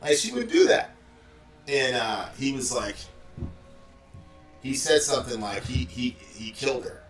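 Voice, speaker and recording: A man's voice: medium pitch, big pitch swings, unhurried, long pauses, far from the mic. Male guest, casual storyteller who leans on "like" and "bro"; roomy off-mic sound with faint music. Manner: loose, filler-heavy, says "like" and "bro" constantly. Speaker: former call center supervisor.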